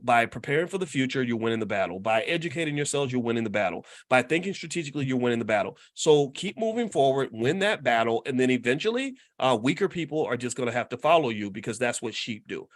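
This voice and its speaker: A man's voice: mid-range voice, animated, fast, no room sound. A man in his fifties hosting a commentary monologue, talking in an emphatic, repetitive, preacher-like way and often asking his audience questions. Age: 50s. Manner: conversational, asks the audience questions. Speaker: host and finance educator.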